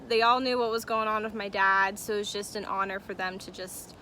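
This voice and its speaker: Bright-voiced young woman vlogger. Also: medium pitch, flat delivery, normal speed, few pauses, a little hiss or hum. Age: young adult. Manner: chatty, emotional, many fillers. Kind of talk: casual story-time vlog.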